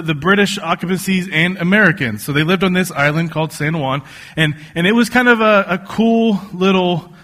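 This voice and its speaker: A male pastor with a bright, slightly high voice tells a sermon story with jokes. He talks loosely, full of ums and restarts. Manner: joking, storytelling, many fillers and restarts.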